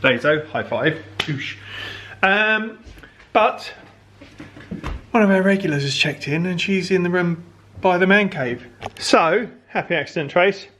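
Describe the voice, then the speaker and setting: A man's voice: high voice, animated, measured pace, pushed and bright, slight background noise. A middle-aged man, telling a rambling joke and chatting casually to camera at home. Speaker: vlog host. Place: home, indoors. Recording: roomy, from far off camera.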